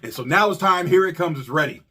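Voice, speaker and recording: A man co-hosting a casual chat, telling a story in an animated, profane way and acting out quotes. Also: fairly high pitch, fast, slightly rough. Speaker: podcast co-host.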